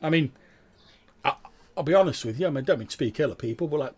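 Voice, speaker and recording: Man, husky voice, casual game master full of fillers. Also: fairly high pitch, animated, fast talker, darkish tone. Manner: casual, hesitant, many fillers. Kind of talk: narrating a tabletop game.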